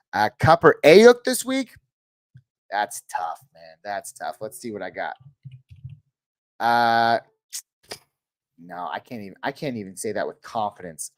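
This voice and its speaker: Male livestream host, mid-pitched, dry close-mic sound, rattles off quick start-or-sit calls. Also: no echo. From Northern California. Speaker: fantasy football livestream host. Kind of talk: live Q&A answering chat questions.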